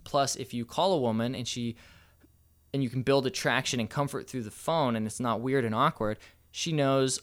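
A man's voice: mid-range voice, moderate pace. A man giving casual, playful dating advice as a coach, with a slightly cocky manner.

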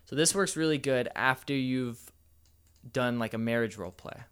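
A man's voice: mid-range voice, moderate pace, fairly bright tone, smooth. A man giving casual, playful dating advice as a coach, with a slightly cocky manner.

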